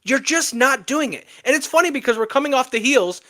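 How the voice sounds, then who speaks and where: Sports podcast co-host, male, high and bright, playful and emphatic. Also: a little fast. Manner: animated, joking, emphatic trash talk. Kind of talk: casual sports podcast chat.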